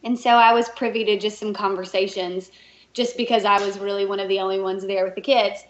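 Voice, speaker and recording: Animated woman telling a story, roomy sound. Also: mid-range voice, a little fast. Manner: animated, laughs often, puts on voices when quoting. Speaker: podcast guest. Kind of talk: casual interview storytelling. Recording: roomy and dull, lo-fi.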